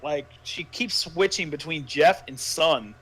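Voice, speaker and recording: A man's voice: fairly high pitch, unhurried, a bit bright, slightly rough. A man giving sarcastic, exasperated commentary while reading a story aloud with a co-host, often swearing. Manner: mocking, profane, exasperated.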